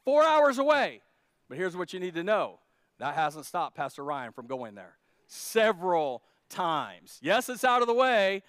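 A man's voice: high-pitched, big pitch swings, a little slow, a bit bright, clear, resonant tone, no echo, clean studio sound. A male pastor preaching a sermon at a church service in a joking, conversational way.

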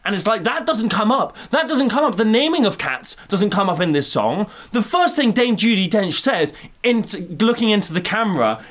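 A man doing a rambling comedic film review rant that keeps building to shouted outbursts. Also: high voice. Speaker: video essayist.

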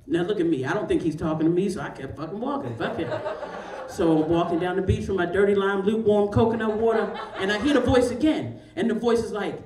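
A woman's voice: medium pitch, expressive, fast, reverberant, recorded from a distance, a crowd in the background. A woman in her forties doing a stand-up comedy set, telling a profane story with big swings of her voice. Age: 40s. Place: comedy show in a large store.

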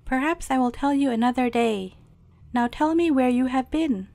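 A woman's voice: sits high, normal speed, vocal fry, a little mellow, dry recording. A woman reading aloud and voicing a cross, dismissive woman nurse who speaks coolly. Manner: cool, dismissive.

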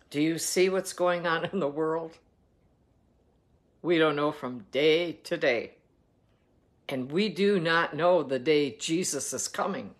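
A woman reading the Bible aloud and adding earnest devotional commentary that urges listeners to act. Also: low-pitched. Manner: earnest, exhorting. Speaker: Bible reader and devotional teacher.

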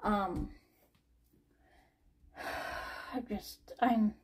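A woman's voice: medium pitch, extremely slow, husky. A woman in her forties talking anxiously to camera in a personal late-night vlog, sighing often and trailing off. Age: 40s. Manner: anxious, frequent sighs, trailing off. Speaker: vlogger.

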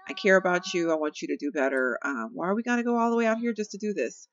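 Laughing often, the same sort of young woman talks directly to viewers in chatty let's-play commentary over her game. She has a lowish voice and talks fast, on a lo-fi recording without echo.

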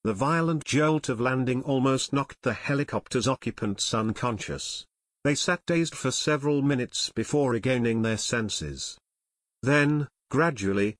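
A man narrating a children's mystery audiobook in measured storytelling. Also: mid-range voice, dry recording. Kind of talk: scripted narration.

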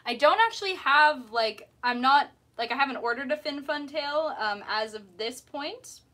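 A woman's voice: sits high, expressive, moderate pace, sharp tone. A young woman in casual live-stream chat, giggly and chatty, answering viewers while painting her nails. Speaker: mermaid streamer.

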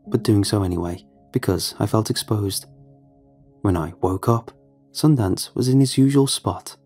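A man giving a measured, somber scripted horror narration. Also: fairly low pitch, dark tone, breathy edge.

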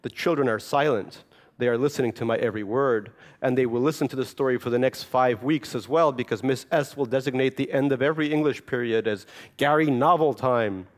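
A man's voice: medium pitch, fairly quick. A Russian-born man with Russian as his first language, an author reading from his memoir and then chatting about it with dry, self-mocking humor.

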